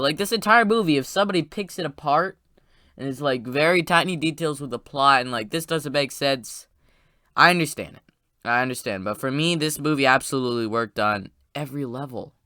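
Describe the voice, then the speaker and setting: A man giving a casual, rambling spoiler review of a movie, excited and full of fillers and restarts. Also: mid-range voice, smooth, dry recording, clean studio sound.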